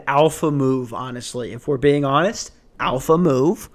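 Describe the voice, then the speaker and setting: A man's voice: mid-range voice, lively intonation, moderate pace, hardly any pauses, a bit bright. A man hosting a podcast, ranting casually in a rambling, profane, sardonic way with sighs and restarts. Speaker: podcast host.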